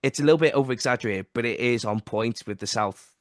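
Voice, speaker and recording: A man with a South Welsh accent hosting a podcast, explaining things in a halting way full of fillers. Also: mid-range voice, no room sound, clean studio sound. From South Wales. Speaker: podcast host. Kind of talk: casual interview chat.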